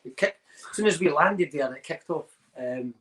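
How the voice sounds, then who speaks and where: A man's voice: on the high side, expressive, moderate pace, noisy background. A man with a Scottish accent, a podcast guest rambling through anecdotes with Scots slang in casual chat. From Scotland.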